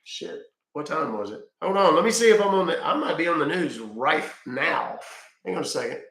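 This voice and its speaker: Gravelly, bright-voiced man hosting a live stream. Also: a little high, lively intonation, normal speed, roomy sound. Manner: rambling, thanks viewers by name, swears casually. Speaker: live-stream scambaiter host. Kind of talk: casual live-stream chat. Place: at home.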